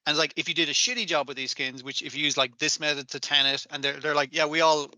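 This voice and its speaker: A man, co-hosting an anime podcast in casual chat. He is animated, swears often and acts out scenes. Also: fairly high pitch, quick pace, no room sound. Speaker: podcast co-host.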